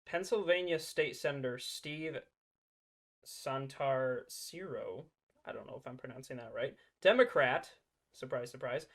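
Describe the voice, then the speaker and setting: Sarcastic man mocking reaction clips. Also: a little high. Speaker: political commentary host. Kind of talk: reaction commentary.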